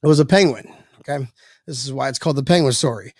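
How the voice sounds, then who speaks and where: A man telling a long anecdote as a podcast guest, lively and profane, acting out the voices of people in it. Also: mid-range voice, fast talker, dry recording. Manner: animated, swearing, acts out quoted voices. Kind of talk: casual storytelling on a podcast.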